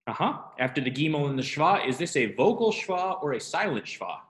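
A man's voice: fairly high pitch, very animated, a little fast, a bit bright. A man teaching a class, explaining step by step and asking students questions as he goes. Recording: roomy classroom echo.

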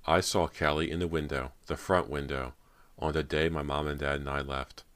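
A man's voice: very deep voice, steady tone, normal speed, a bit bright, smooth. A man voicing a nervous, haunted teenage girl actress, speaking with emotion and a tremble. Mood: anxious.

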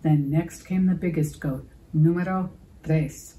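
A woman librarian reading a picture book aloud to children, expressive and stopping to ask them questions. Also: deep voice, a little slow, slight background noise, rough recording.

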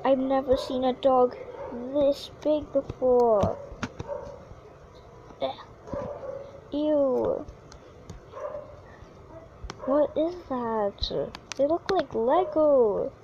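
A woman giving casual, excitable commentary on her own gameplay, yelping whenever she falls. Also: high-pitched, extremely slow, long pauses, muffled recording, background noise. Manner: chatty and excitable, yelps when falling. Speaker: gaming YouTuber.

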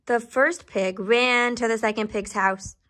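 A woman reading a storybook aloud to children, pausing to ask questions and dropping into soft whispered asides. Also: on the high side, steady tone. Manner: gentle, asks the listener questions, whispered asides.

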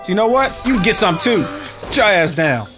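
A man's voice: high-pitched, very animated, a little fast, a bit bright. A man giving brash, joking commentary while playing a video game, taunting enemies and talking to viewers. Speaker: gaming YouTuber. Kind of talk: profane gameplay commentary. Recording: music playing behind.

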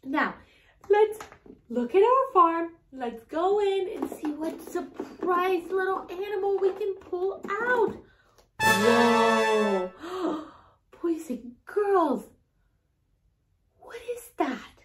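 A woman's voice: very high-pitched, very animated, extremely slow, reverberant, soft background music. A woman teaching toddlers in a learning video, with sing-song speech, lavish praise and gasps of wonder. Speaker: toddler teacher and show host.

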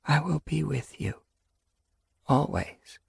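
A man's voice: fairly high pitch, expressive, slow pace, gravelly, husky, no room sound, voice pushed up, full character voice. A man voicing a young female medicine cat, speaking with strained emotion and pleading. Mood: tender.

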